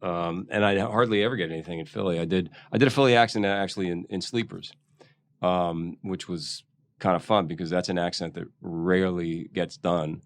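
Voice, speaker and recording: An older man from Philadelphia talks through his craft in a relaxed interview, pausing and restarting as he hunts for words. His voice sits very low. The sound is close and dry. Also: no echo. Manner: halting, many restarts and ums, thoughtful. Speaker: guest actor. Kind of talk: casual interview chat.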